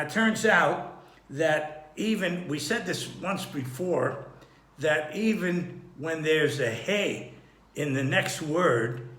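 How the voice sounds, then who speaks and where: Bright-voiced man teaching Torah. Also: fairly high pitch, echoey room. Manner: unhurried, thinking aloud with frequent restarts; clears his throat often. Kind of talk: Torah study lesson.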